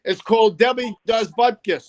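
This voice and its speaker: New guy rambling through old jokes over a video call, kinda high voice, trips over his words. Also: moderate pace. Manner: rambling delivery, fumbles and corrects himself mid-joke. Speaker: joke-teller at an online comedy night.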